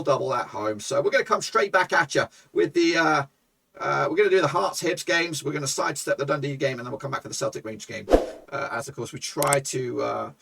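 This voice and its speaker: A man commentating his own football management game for viewers, excitable and swearing, shouting at goals. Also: fairly high pitch, vocal fry, breathy edge, far from the mic. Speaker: gaming YouTuber.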